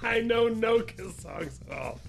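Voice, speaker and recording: A man's voice: high voice, animated, a little slow, gravelly, music in the background. A man co-hosting a late-night comedy podcast, giggly and riffing on running bits, often breaking into laughter. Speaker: podcast co-host.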